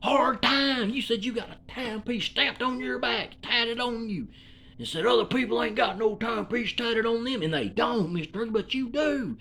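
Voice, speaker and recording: A man's voice: very high voice, normal speed, gravelly, sharp tone. A man from Alabama with a Southern accent, delivering a rambling comedic monologue in a folksy, profane, meandering way.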